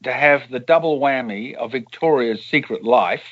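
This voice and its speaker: A man's voice: medium pitch, normal speed, dull audio. An Australian man, an author and journalist, telling rambling anecdotes in a casual interview over a call.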